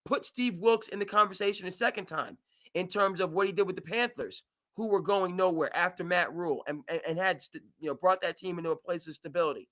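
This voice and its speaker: Sports talk host, male, high and bright voice, animated debater who restarts his sentences a lot. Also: a little fast. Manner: animated, restarts and stammers often. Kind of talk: live sports debate chat.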